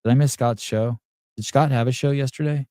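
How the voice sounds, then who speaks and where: A man's voice: medium pitch, steady tone, fairly quick, mellow, dry recording, clean studio sound. A middle-aged man hosting a podcast, rambling crudely and profanely while reading out chat comments. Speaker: podcast host. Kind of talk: crude off-the-cuff livestream chat.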